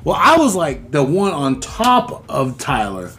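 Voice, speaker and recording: A man on a casual podcast with a fairly high voice that swings widely as he tells a rowdy school story. He swears freely and puts on the voices of the people in his story. A faint hiss sits under the recording. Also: unhurried. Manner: animated, swearing, acts out quotes. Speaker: podcast co-host.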